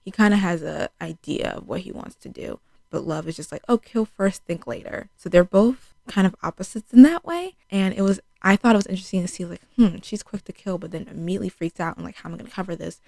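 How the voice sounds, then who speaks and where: A woman's voice: lowish voice, lively intonation, fairly quick, creaky, mellow, no echo. A young woman recapping a TV series in a chatty, casual way, peppering her talk with "like" and acting out quotes. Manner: chatty, fills speech with "like", acts out quotes. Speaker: TV show reviewer. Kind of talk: casual spoken show recap.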